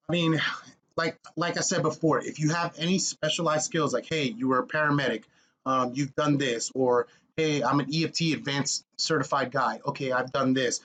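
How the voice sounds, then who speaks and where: Blunt, energetic man coaching viewers. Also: a little high. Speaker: military contracting advice vlogger. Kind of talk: casual screen-walkthrough tutorial.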